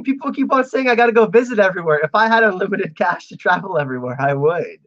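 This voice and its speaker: A man's voice: high voice, expressive, fast talker, a bit bright, highs cut off. A man hosting a casual livestream, chatting with viewers and reading out their messages, laughing often. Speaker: livestream host.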